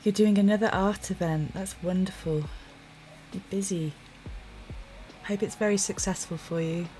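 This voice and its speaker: A sleepy woman streaming her drawing live, musing quietly to herself and greeting chat viewers. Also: mid-range voice, steady tone, moderate pace, faint music behind. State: sleepy, yawning.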